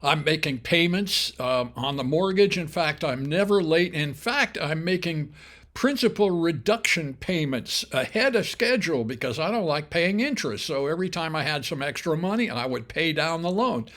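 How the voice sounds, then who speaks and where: A man's voice: on the high side, lively intonation, moderate pace, fairly bright tone. An older man hosting a show, casually telling his own business history in a chatty, wry way, full of asides and self-corrections. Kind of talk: casual spoken memoir storytelling.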